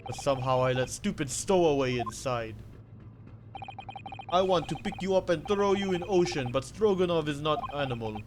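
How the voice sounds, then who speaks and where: A man putting on a gruff Russian-accented sailor. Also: a little high, expressive, moderate pace, background noise, natural voice. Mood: stern, boastful. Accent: put-on Russian. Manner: loud, broken grammar, stern. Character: gruff boastful male Russian ship crewman. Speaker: streamer.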